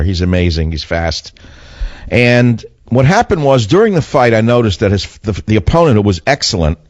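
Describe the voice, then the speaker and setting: A man's voice: fairly low pitch, darkish tone, dry recording. Emphatic male radio talk host. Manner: emphatic, repetitive, mocking whiny voices. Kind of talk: radio monologue. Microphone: studio microphone. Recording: muffled dry radio broadcast.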